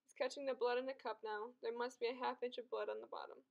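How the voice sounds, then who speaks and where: A woman's voice: on the high side, flat delivery, fast talker, creaky, dull audio. A woman voicing a mild, simple-spoken giant strongman in a storybook reading. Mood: plain. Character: gentle giant Turkish strongman.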